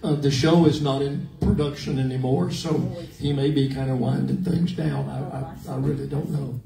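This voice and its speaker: A man's voice: medium pitch, moderate pace, creaky. An older man, telling folksy country-music stories to a fan audience. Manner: folksy, relaxed, drawling anecdotes. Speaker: country singer on an artist panel. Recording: echoey room, mic at a distance.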